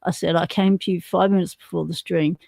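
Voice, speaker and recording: A woman's voice: on the low side, fairly even intonation, brisk, gravelly, a little mellow, slightly rough, no room sound. Chatty Australian woman, dry close sound. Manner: chatty and slangy, reading out viewer comments. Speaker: livestream host. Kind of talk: casual livestream chat.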